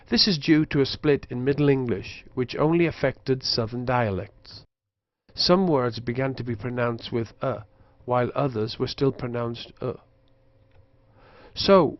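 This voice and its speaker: A man narrating a linguistics lesson in a measured, scripted way, slowing down to demonstrate pronunciations. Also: medium pitch, no room sound, lo-fi sound. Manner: slow careful demonstrations of pronunciation. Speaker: lecturer.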